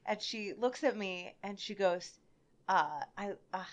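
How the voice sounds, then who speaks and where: A young woman telling a story on a casual podcast, laughing often and getting loud when she acts out quotes. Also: mid-range voice, unhurried. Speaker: bartender guest.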